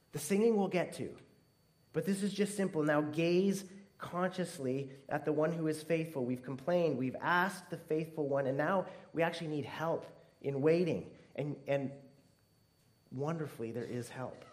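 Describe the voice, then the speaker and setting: A man preaching a sermon earnestly, swinging between emphatic stress and hushed, tearful softness. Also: on the high side. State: near tears at times.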